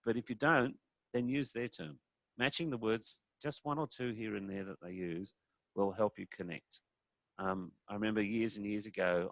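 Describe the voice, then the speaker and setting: A man's voice: low-pitched, gravelly, no echo. A man giving a conversational talk on communication, acting out sample phone calls to show his points. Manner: conversational, demonstrates voices while explaining. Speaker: speaker on communication. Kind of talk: presentation talk.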